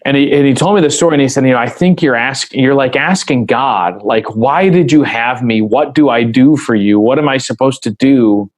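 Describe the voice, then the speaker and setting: A man's voice: medium pitch, moderate pace, hardly any pauses, no room sound, poor audio. A man speaking as a podcast guest in a casual interview conversation, earnest and reflective as he tells a story.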